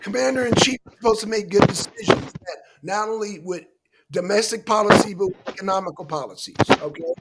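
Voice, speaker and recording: A man's voice: high-pitched, fairly quick, gravelly, fairly bright tone, a little hiss or hum. A man hosting a casual political commentary show, lecturing his listeners emphatically and swearing often.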